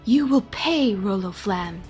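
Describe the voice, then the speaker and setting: A woman voicing an angry young male dragon fae prince, reading his game lines in a lowered, menacing delivery. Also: expressive, takes it slowly, darkish tone, faint music behind. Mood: wounded, vengeful.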